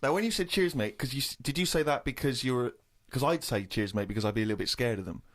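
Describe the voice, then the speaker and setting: A man telling a long anecdote in casual chat, animated and growing indignant. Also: medium pitch, racing. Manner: animated storyteller, rising to exasperated indignation.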